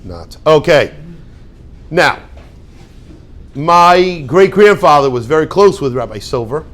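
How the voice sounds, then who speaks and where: A man teaching a class as a rabbi, with a fairly high voice that swings widely up and down. He acts out small everyday exchanges in quoted voices and throws questions at his students. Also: takes it slowly. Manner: animated, acts out little dialogues in quoted voices. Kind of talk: lively classroom talk.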